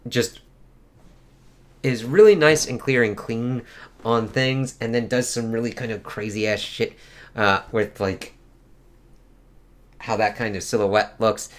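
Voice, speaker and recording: A man giving a casual, profane spoken review of a comic book, with lots of fillers. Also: lowish voice.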